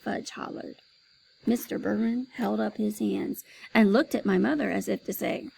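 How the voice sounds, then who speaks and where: A woman, a teacher, reading a children's chapter book aloud with expressive storytelling. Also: mid-range voice, moderate pace, creaky, husky, poor audio.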